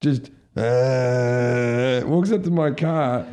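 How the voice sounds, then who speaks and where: A man, a comedian and podcast host, telling a story in casual chat, growing loud and animated as the tension builds. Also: mid-range voice, moderate pace. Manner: animated, grows loud and excited at the story's peak.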